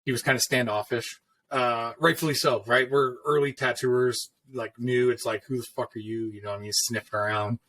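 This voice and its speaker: A man's voice: medium pitch, steady tone, moderate pace, bright, forceful tone. A middle-aged man, a tattoo artist, telling shop stories in a loose, swearing, laid-back way and acting out the lines people said to him. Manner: laid-back, swears freely, acts out quoted dialogue. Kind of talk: casual storytelling conversation.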